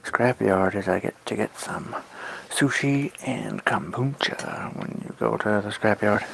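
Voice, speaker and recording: Playful man with a gravelly voice. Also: lowish voice, measured pace, fairly bright tone, slight background noise. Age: 30s. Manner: playful, rambling, breaks into silly made-up songs. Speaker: livestreamer chatting with viewers. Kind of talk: casual live-stream chat.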